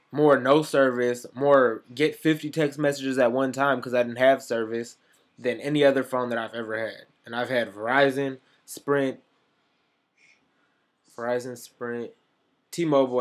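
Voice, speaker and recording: A man's voice: mid-range voice, moderate pace. Young guy venting on his vlog, sarcastic and rambly, cusses a lot. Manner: sarcastic, rambling, swears freely. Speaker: vlogger. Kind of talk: casual storytelling monologue.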